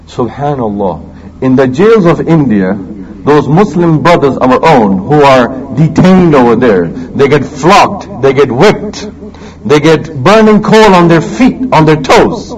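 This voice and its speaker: Animated male preacher with high swooping pitch. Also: poor audio. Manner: animated, dramatic delivery that swings between loud emphasis and hushed asides; recites Quranic Arabic quickly between English explanation. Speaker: Islamic preacher. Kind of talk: sermon.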